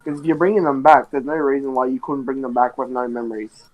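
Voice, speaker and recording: A man joining a stream chat, talking in an offhand way with pauses and fillers. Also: medium pitch, fairly even intonation, phone-quality sound. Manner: offhand, hesitant, many fillers. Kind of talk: casual chat.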